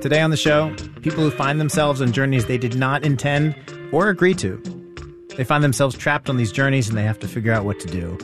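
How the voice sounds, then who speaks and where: A man's voice: medium pitch, a little fast, loud music behind the voice. A man hosting a radio show, asking short curious questions and introducing stories. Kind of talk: conversational radio storytelling.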